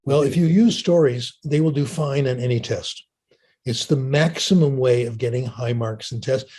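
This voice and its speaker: A man's voice: medium pitch, moderate pace, a little mellow. An older man giving a lecture and answering audience questions, chatty and storytelling, often asking "okay?". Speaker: linguist giving a talk.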